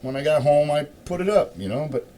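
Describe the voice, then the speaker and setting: A middle-aged man telling a rambling, profane story in a casual rant, swearing often and getting louder and more worked up as he goes. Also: on the high side, expressive, brisk. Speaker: show host.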